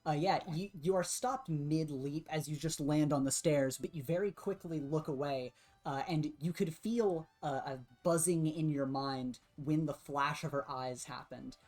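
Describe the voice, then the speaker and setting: A woman narrating a tabletop game as game master, relaxed and giggly, with many fillers. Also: low-pitched, measured pace, faint music behind.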